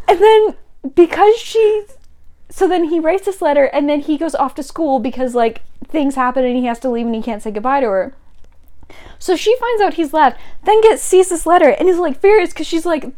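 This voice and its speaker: A young woman with a high, bright-toned voice retells a story to her co-host in a loose, chatty way. She talks animatedly and a little breathlessly, with lots of "like" in her sentences. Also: expressive, normal speed. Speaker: podcast co-host. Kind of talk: casual chat retelling a story.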